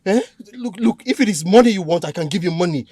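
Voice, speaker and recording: Scared pastor held hostage, stammering and begging, highish voice that swings a lot. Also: male voice, expressive, quick pace, a little mellow, no room sound, studio quality. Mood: pleading. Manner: pleading, stammering, coughing. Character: frightened male pastor, captive and pleading. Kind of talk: Nollywood film acting.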